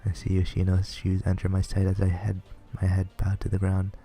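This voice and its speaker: A man reads a visual novel aloud, earnest and plain, stumbling now and then. His voice is very low, dark and creaky. Faint music plays underneath. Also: monotone, a little fast, few pauses. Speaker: reader playing a visual novel.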